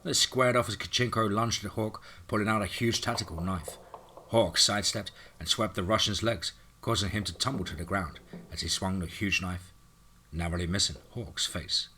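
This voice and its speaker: A man's voice: sits low, normal speed, bright, forceful tone, slight background noise. A man narrating a scripted action horror story in a dramatic reading.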